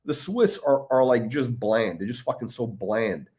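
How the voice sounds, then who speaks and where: A man's voice: mid-range voice, measured pace, darkish tone. A man talking in a rambling, profane monologue, with many fillers, restarts and laughs between remarks. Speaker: watch commentator.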